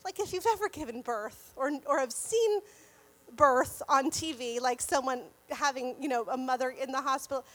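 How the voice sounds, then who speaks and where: A woman sharing a personal faith testimony in casual storytelling, animated and often laughing. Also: sits high, moderate pace. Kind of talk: casual Christian storytelling to viewers.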